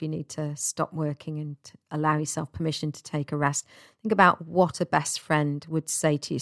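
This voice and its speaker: Lady doing a self-help podcast, low voice, chatty and kind, dry close sound. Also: no room sound. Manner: gentle, chatty, laughs at herself. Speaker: podcast host.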